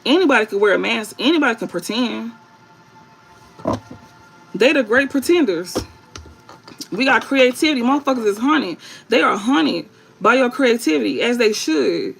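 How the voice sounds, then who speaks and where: A woman's voice: on the high side, animated, normal speed, vocal fry, long pauses, faint music behind, low-quality recording. A woman tarot reader talking straight to her viewers, emphatic and blunt, repeating her points and swearing freely. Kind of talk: spiritual reading to viewers.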